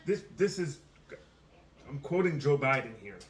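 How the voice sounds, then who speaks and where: A man's voice: mid-range voice, big pitch swings, measured pace. A man from Canada co-hosting a casual home podcast, making dry jokes and chuckling at his own remarks. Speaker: podcast co-host. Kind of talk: casual chat. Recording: roomy home recording with faint noise.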